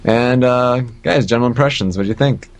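A man's voice: medium pitch, fairly quick. A man hosting a casual gaming podcast, steering the talk between topics with a joking manner. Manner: leads the segments, jokey. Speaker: podcast host.

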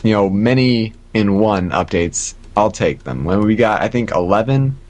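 A man's voice: fairly low pitch, lively intonation, normal speed, darkish tone. A man hosting a casual gaming podcast, steering the talk between topics with a joking manner. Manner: leads the segments, jokey. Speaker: podcast host.

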